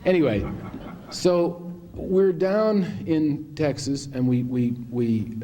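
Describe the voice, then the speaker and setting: A man with a mellow, warm voice tells behind-the-scenes stories to an audience. He rambles and restarts, and slips into other people's voices to act out the scenes. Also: fairly high pitch, takes it slowly. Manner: rambling, animated, acts out the people he quotes. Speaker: film director telling anecdotes. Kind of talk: anecdotal storytelling to an audience.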